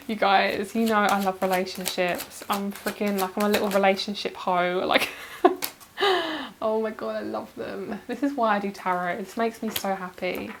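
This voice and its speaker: A woman's voice: medium pitch, vocal fry, slight background noise, poor audio. A woman giving a pick-a-card tarot reading to her viewers, gushing and effusive, swearing casually and laughing often, emotional and calling her audience "girl" and "you guys". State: emotional, near tears.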